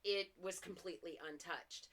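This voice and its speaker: Low-voiced woman joking about grim facts. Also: normal speed. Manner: dark humor, swears casually, trails off with fillers. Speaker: podcast co-host. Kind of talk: casual chat.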